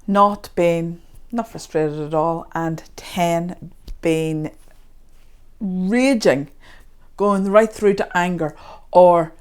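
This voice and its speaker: A woman leading a guided tapping session, speaking slow, repetitive affirmations. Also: lowish voice, clear, resonant tone.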